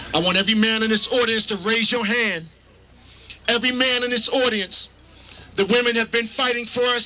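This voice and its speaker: A high, piercing man's voice delivers a fiery speech at an outdoor rally. He preaches to the crowd and builds to shouted questions, and a faint crowd murmur stays behind him. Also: low-quality recording. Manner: preacher-like, rising to shouts with crowd call-and-response. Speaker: rally speaker. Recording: crowd noise in the background.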